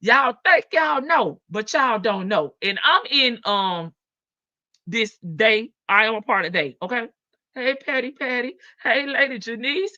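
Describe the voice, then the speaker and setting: Sassy woman live-stream host, bright voice, brash and profane, dull lo-fi audio. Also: fairly high pitch, lively intonation, measured pace, no room sound. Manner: sassy, brash, swears freely and laughs often. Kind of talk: casual live-stream commentary. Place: home in Las Vegas.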